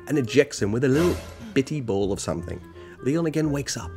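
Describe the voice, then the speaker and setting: Male narrator, lively delivery, jokey recap tone, faint music underneath. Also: medium pitch, a little fast. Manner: joking, self-mocking asides. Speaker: gaming channel narrator. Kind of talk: casual comedic game story recap.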